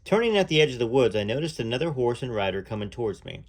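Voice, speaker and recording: A man reading a first-person story aloud in a measured way, now and then pausing to add his own asides. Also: medium pitch, big pitch swings.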